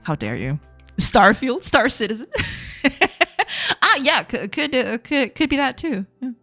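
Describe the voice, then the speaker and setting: A woman's voice: fairly high pitch, big pitch swings, unhurried, a bit bright, faint music behind. A woman streaming game development live, chatting casually with her viewers, laughing often and repeating herself in a self-deprecating way.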